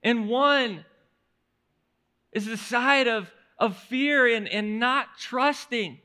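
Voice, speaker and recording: A male pastor preaching a sermon in an animated storytelling manner, often restarting his words. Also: very high voice, takes it slowly, clear, resonant tone.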